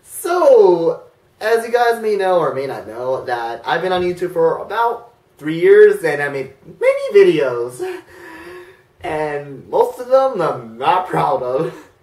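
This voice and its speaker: A woman vlogging in a casual, excitable and nervous way, full of exclamations. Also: deep voice, measured pace, far from the mic. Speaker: YouTuber. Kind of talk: casual vlog reaction. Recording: echoey room, voice off-mic.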